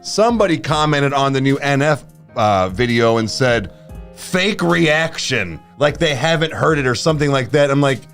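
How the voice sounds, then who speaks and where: A man's voice: medium pitch, fairly quick, hardly any pauses, faint music behind. A young man co-hosting a livestream, talking animatedly and cursing casually. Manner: animated, swears freely. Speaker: co-host of a livestream.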